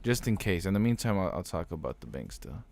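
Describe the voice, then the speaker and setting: Laid-back low-voiced male co-host. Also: big pitch swings, fast, creaky, darkish tone, no echo. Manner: laid-back, slangy and joking. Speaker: podcast co-host. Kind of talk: casual chat.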